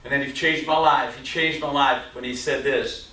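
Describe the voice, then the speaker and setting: Man in his 60s, motivational speaker, lively storyteller who quizzes the crowd; bright tone, recorded from afar in a large hall. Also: medium pitch, normal speed. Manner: animated, quizzes audience with rhetorical questions, jokey. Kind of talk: stage keynote storytelling. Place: large hall with live audience. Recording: echoey hall, mic at a distance, faint noise.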